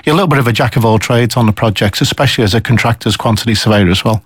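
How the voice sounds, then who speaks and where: A middle-aged man with a Liverpool accent, a chief executive guest on a radio interview, talking in a measured, thoughtful way with fillers. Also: medium pitch, slightly rough, no echo. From England.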